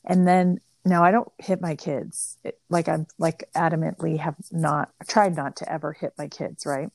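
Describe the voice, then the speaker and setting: A woman's voice: sits low, level tone, normal speed, gravelly, a little mellow, no room sound. A middle-aged woman, a mother and podcast guest, telling family stories in casual conversation, chatty and full of "like" fillers. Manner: chatty, storytelling with many "like" fillers.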